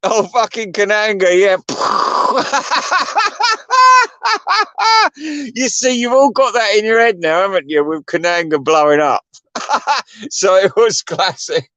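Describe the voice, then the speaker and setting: A man in middle age rants crudely into the mic, wandering from point to point and laughing at his own jokes. His voice sits fairly high and jumps higher when he gets worked up. The sound is close and dry, with no room around it. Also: unhurried, no echo. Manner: crude, mocking, laughs often, pitch leaps up when excited. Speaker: vlogger. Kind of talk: rambling profane rant.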